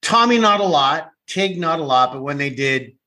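A man's voice: fairly high pitch, moderate pace. A man co-hosting a podcast, joking and swearing as he chats casually about old episodes. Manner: animated, joking, swears often. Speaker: podcast co-host, former cast member.

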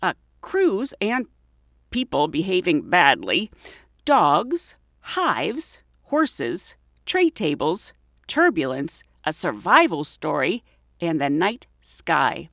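A woman's voice: lowish voice, big pitch swings, slow pace, fairly bright tone, dry recording, studio quality. A middle-aged woman and flight attendant hosting a podcast, telling chatty stories, laughing often and acting out quotes. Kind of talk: casual storytelling podcast.

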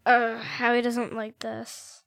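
A man's voice: extremely high pitch, monotone, takes it slowly, creaky, fairly bright tone, dry recording, clean studio sound, pitched above the performer's own voice, heavily acted. A man voicing a small boy who talks about his imaginary elf friend, whiny and matter-of-fact. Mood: sulky.

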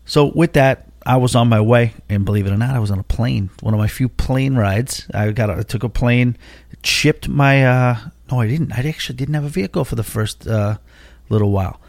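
A man's voice: medium pitch, brisk, no echo. A man, hosting a podcast and telling a long personal story in a casual, rambling way, full of asides and fillers. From Long Island, New York. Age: 40s. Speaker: podcast host.

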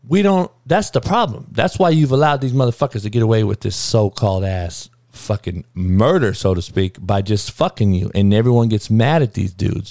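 A man's voice: medium pitch, darkish tone, no echo, clean studio sound. Profane, heated man ranting on sports. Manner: profane, heated, rambling, calls listeners dog. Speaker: podcast host. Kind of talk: casual sports rant.

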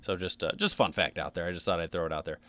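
Rambling podcast host, smooth low voice. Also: male voice, fast talker, fairly bright tone. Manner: rambling, many fillers and restarts. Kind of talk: casual podcast chat.

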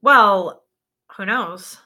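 A woman's voice: medium pitch, drawn-out words, sharp tone. A woman co-hosting a podcast in casual chat, talking animatedly with lots of filler words. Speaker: podcast co-host.

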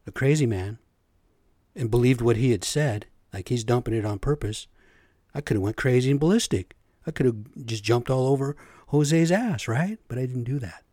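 A middle-aged man rambles through a casual podcast rant, swearing freely and checking in with "right?" as he goes. His voice is warm and mellow, with a dry, close sound and no room echo. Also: mid-range voice. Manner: profane, storytelling, frequent "right?" and "man". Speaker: podcast host. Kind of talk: casual ranting monologue.

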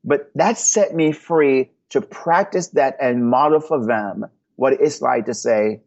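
A man speaks in an earnest, almost preacherly way as a podcast guest, telling personal stories. His voice is husky. The audio is muffled and lo-fi. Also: mid-range voice, measured pace, few pauses, a little mellow. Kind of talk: podcast interview answers.

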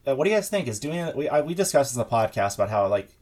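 Speaking very fast in a sing-song, slightly mellow mid-range voice, this young man co-hosts a podcast. His talk is loose and rambling, packed with fillers and false starts.

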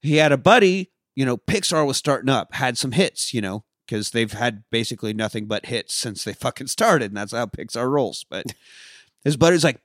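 A man's voice: medium pitch, expressive, moderate pace, a bit bright, dry recording, clean studio sound. Casual, laughing podcast man. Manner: loose and profane, laughs often. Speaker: podcast co-host. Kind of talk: casual movie-review chat.

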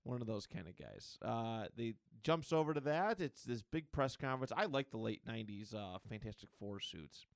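A man co-hosting a podcast, recapping a comic book in a rambling, excited casual chat. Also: mid-range voice, normal speed, gravelly, few pauses, no echo. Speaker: podcast co-host.

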